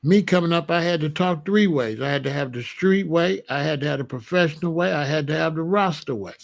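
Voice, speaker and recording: A man's voice: on the high side, fairly quick, vocal fry. A middle-aged man from the United States telling a story in a casual monologue, repeating phrases for emphasis. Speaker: commentator.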